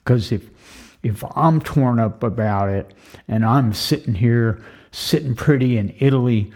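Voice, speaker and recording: Older man, husky and tearful, voice cracking through an impassioned, repeating rant. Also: mid-range voice, measured pace, darkish tone. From United States. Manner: impassioned, ranting, repetitive. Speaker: retired vlogger. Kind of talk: emotional monologue.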